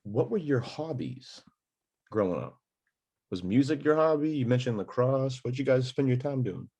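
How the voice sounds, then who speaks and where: A man's voice: medium pitch, animated, moderate pace, mellow, slightly rough. A young man hosting a podcast, chatting in a laid-back, slangy, joking way. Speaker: podcast host. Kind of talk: casual chat.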